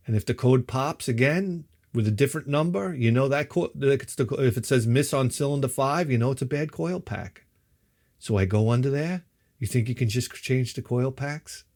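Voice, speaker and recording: A man's voice: mid-range voice, darkish tone. Exasperated guy venting. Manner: exasperated, profane, wry. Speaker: vlogger. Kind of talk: profane storytelling rant.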